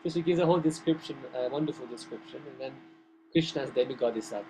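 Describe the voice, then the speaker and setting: A man teaching a scripture class, telling stories in an animated, conversational way with frequent restarts. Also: mid-range voice, fast, background noise. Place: temple classroom.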